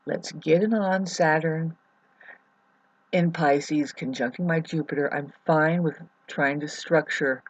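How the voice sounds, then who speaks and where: A sleep-deprived woman vlogging a rambling, emotional monologue, swearing often and swinging from low murmurs to loud outbursts. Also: steady tone, takes it slowly, dry recording, lo-fi sound. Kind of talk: rambling personal monologue to camera.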